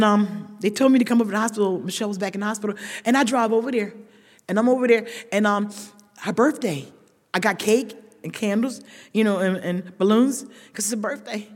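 Woman speaker at a recovery meeting; raw, emphatic share addressed to the room; long hall reverb. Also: a little high. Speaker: speaker sharing a recovery story.

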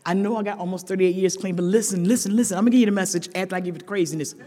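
A middle-aged woman telling a dramatic story at a recovery meeting, talking straight to the crowd and swinging between loud outbursts and hushed asides. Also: medium pitch, racing. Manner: chatty, addresses listeners directly. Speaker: speaker sharing at a recovery meeting. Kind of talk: storytelling share to a live audience. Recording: long reverb of a large hall.

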